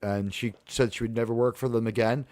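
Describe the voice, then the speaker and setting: A man hosting a casual livestream review chat, animated and profane, acting out the lines he quotes. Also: medium pitch, brisk, dry recording, clean studio sound. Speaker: host.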